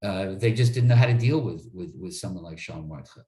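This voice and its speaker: A man's voice: low voice, animated, quick pace, mellow, reverberant. A man, an attorney being interviewed, telling stories in an earnest way and often repeating words as he starts a sentence. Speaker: attorney guest. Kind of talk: interview storytelling.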